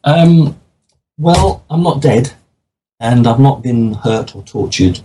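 A man's voice: medium pitch, animated, slow, warm tone, slight background noise, rough recording. A man talking as a guest in an interview, explaining his views in an earnest, matter-of-fact way. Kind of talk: interview conversation.

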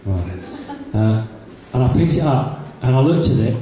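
A man's voice: mid-range voice, animated, measured pace, dark tone, lo-fi sound. A man in his fifties telling personal stories to a live audience, with many fillers and restarts, in an echoey hall. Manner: storytelling, frequent fillers and restarts. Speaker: speaker recounting personal experiences. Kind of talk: anecdotal talk to a live audience. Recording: very echoey hall, faint background noise.

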